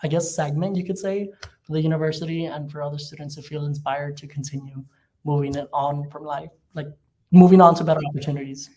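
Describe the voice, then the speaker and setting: A man's voice: a little high, steady tone, fast, darkish tone. A young man co-hosting a student podcast, talking thoughtfully and searching for words. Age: young adult. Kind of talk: casual chat.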